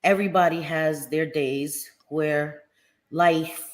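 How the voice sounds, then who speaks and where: A woman hosting a casual livestream, lively and affectionate, greeting viewers by name with pet names like sweetie pie. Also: deep voice, slow. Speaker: livestream host. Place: home in New Jersey.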